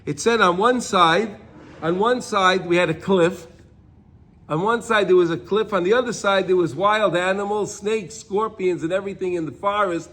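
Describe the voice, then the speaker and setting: A man teaching a Torah class, reading Hebrew lines and explaining them in English with many restarts, sometimes crying out loudly. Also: high-pitched, moderate pace. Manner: animated, cries out loudly when acting out a prayer.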